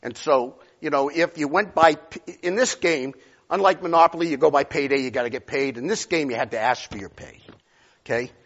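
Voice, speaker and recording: A male pastor preaching a sermon, telling stories and swinging from loud outbursts to near whispers. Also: on the high side, brisk, lo-fi sound.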